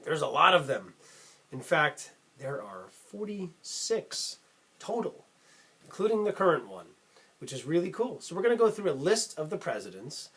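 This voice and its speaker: A man's voice: fairly high pitch, sing-song, normal speed, slightly rough. A man hosting a casual lesson for children, chatty and upbeat, often calling facts cool. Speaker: music teacher and channel host.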